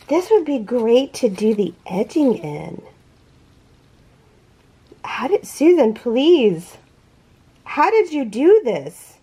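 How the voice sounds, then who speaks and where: A woman's voice: fairly high pitch, big pitch swings, takes it slowly, pauses often, mellow, husky. A woman hosting a crochet unboxing vlog, gushing and awed, gasping and close to tears. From California. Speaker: crochet channel host.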